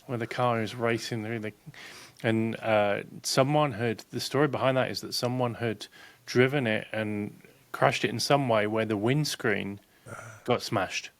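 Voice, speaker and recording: A man co-hosting a car show, relaxed and casual, sharing a short anecdote. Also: lowish voice, a little slow, no echo. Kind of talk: casual chat.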